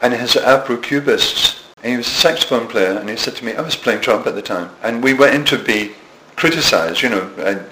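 This interview features a Scottish man in his seventies whose mid-range voice is bright and forceful, moving fairly quickly with few pauses. He keeps restarting as he recounts self-deprecating stories, and the room is echoey with faint noise.

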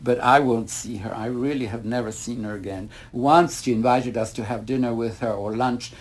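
A man's voice: mid-range voice, moderate pace. An older man, a retired ballet master, telling long rambling stories in a casual interview. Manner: rambling anecdotes, animated when retelling mishaps.

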